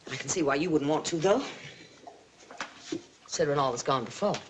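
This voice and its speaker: An actress playing a sly, nagging aunt who keeps house, in a 1950s TV drama. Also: female voice, low voice, brisk, background noise, lightly acted. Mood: needling. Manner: nagging, insinuating, prim.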